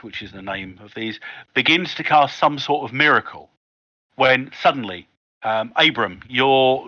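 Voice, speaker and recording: A man's voice: mid-range voice, bright, forceful tone, no room sound, muffled recording. A man running a tabletop game as game master, narrating scenes with frequent ums. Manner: descriptive, unhurried with fillers.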